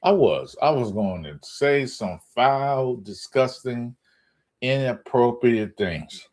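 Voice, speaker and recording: A man ranting in a casual sports vlog, profane and animated, jumping up into high exclamations. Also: slow. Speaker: sports vlogger.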